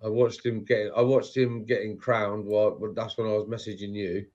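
Low-voiced laconic man, lo-fi audio. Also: flat delivery, brisk, a little mellow. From Britain. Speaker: guest. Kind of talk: casual group chat.

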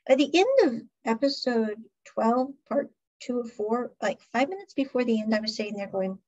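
Female podcast host, higher breathy voice, chatty recap, lo-fi muffled recording. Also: normal speed. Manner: chatty, animated retelling with laughs. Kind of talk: casual drama recap. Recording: dull lo-fi recording.

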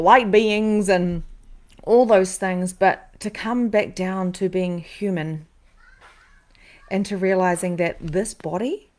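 A woman with a slightly low voice talks live to her viewers as a psychic medium and podcast host. She is animated and casual, stacking repeated phrases for emphasis and dropping swear words freely. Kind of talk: live-stream talk to viewers.

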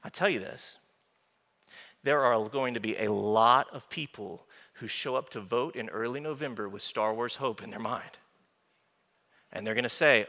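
A male pastor preaching an informal, animated sermon in a church, with joking asides to the congregation. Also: mid-range voice, moderate pace, pauses often. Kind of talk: conversational sermon. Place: church sanctuary. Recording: long hall reverb from a church room.

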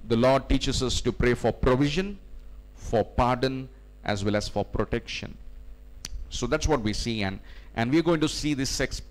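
A man as pastor giving a teaching sermon, explaining scripture step by step with frequent "you know" fillers. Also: mid-range voice.

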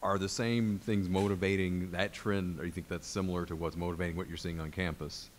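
Very deep-voiced man asking a question. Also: level tone, brisk, a little hiss or hum. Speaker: audience member asking a question. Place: law school lecture room.

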